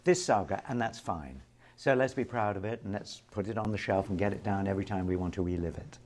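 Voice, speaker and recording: Older man, low voice, measured and proud. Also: a little mellow. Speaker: interviewed actor. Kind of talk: press interview.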